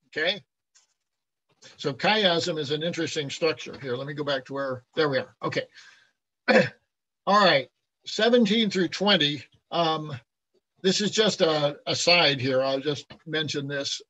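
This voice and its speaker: A man's voice: fairly high pitch, sharp tone, dry recording, poor audio. A man giving a classroom lecture on Bible translation, often checking in with the class and chuckling as he explains.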